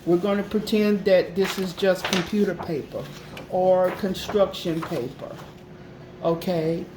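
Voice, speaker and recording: A woman's voice: fairly low pitch, steady tone, unhurried, noisy background. Chatty woman teaching a craft, roomy echo. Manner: chatty, repetitive, checks in with "okay?". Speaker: craft channel host. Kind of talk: casual craft tutorial.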